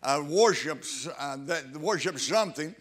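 A man preaching a sermon, fervent and halting, with frequent restarts that build to loud emphatic exclamations. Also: on the high side, expressive, slightly rough.

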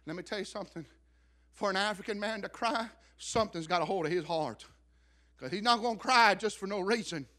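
A middle-aged man preaches a story-driven sermon from the pulpit. His voice sits very high and rings bright and forceful. He drops to hushed asides, then builds up to shouts. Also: brisk. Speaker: pastor.

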